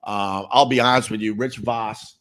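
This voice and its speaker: A man's voice: fairly low pitch, steady tone, moderate pace, a bit bright. A middle-aged man hosting a livestream, chatting casually and answering viewer comments in a rambling, sarcastic way with many repeated words. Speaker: livestream host.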